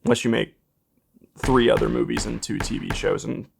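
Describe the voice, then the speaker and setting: A man's voice: medium pitch, steady tone, normal speed, vocal fry, slight background noise. A man giving a casual movie review in a vlog, wry and joking, with some swearing.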